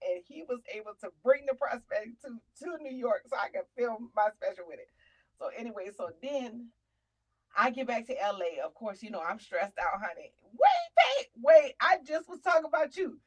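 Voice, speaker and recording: A woman comedian hosts her own show, telling a personal story in a chatty, animated way. She sits a little high for a woman and calls listeners honey and child. She drifts into a preacher-like testimony about faith. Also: poor audio.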